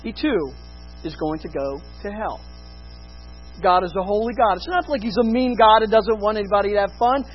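A preacher giving an expository sermon, emphatic, rising to loud stresses and dropping to hushed lows. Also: moderate pace, dull audio, slight background noise.

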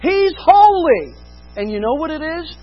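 A preacher giving an expository sermon, emphatic, rising to loud stresses and dropping to hushed lows. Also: big pitch swings, measured pace, dull audio.

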